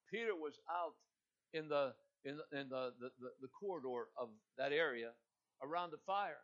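A man preaches with a high, bright and forceful voice that keeps climbing into emphatic, dramatic retellings of scripture. The recording is dull and lo-fi. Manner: rising to loud, emphatic preaching, acting out scripture dialogue. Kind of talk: sermon.

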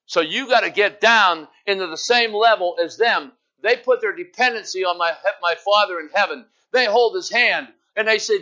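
Bright, high-voiced preaching man. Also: dull audio. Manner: preaching with rising, emphatic intensity and slow stressed phrases. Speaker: pastor. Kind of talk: sermon.

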